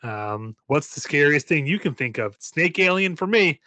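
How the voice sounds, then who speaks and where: A man's voice: a little high, expressive, moderate pace, pushed and bright, no echo. A man co-hosting a casual chat about movies, playful and joking, wrapping up the episode for listeners. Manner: playful, wraps up like a host. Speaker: podcast co-host.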